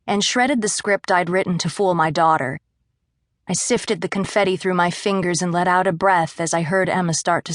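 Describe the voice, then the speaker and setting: A woman narrating a first-person thriller audiobook in a measured, wry, confiding way. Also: on the low side, no echo. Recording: dry close studio mic.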